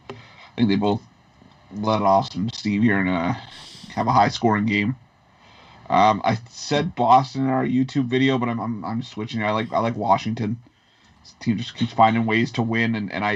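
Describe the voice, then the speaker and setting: Male co-host, low voice, halting repeats, dull lo-fi sound. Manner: hesitant, repeats words while thinking aloud. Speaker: sports betting co-host. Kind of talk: casual studio picks talk.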